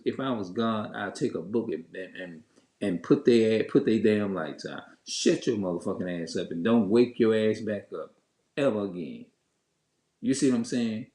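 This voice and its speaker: A man's voice: on the low side, mellow. A man telling viewers a story in a heated, cursing rant, stopping and restarting often. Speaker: vlogger. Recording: echoey room.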